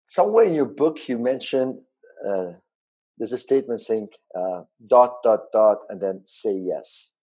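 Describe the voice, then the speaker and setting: Guy interviewing an author, mellow husky voice, kinda halting, lots of uhs. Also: medium pitch. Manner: relaxed, halting, with fillers. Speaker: interviewer, host. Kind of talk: casual interview chat.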